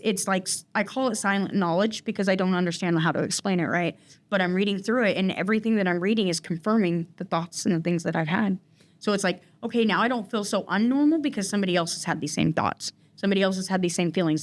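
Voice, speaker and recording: A woman recounting her personal story in an interview, talking in a rambling way with many fillers and restarts. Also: medium pitch. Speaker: guest in recovery.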